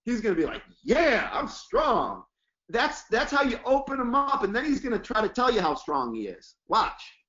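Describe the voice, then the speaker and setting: A man's voice: very high voice, big pitch swings, a little fast, bright, forceful tone, dull audio. A man teaching a sales class, talking emphatically and acting out sample praise lines for phone calls. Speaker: sales trainer. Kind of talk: training lecture with demo lines.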